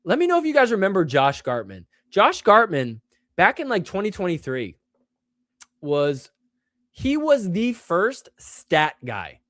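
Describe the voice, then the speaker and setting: A man hosting a show, telling stories in a casual way with lots of "like", animated and poking fun at himself. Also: sits high, unhurried, no room sound, clean studio sound. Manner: animated, self-mocking, heavy use of "like". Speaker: show host. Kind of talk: casual solo storytelling.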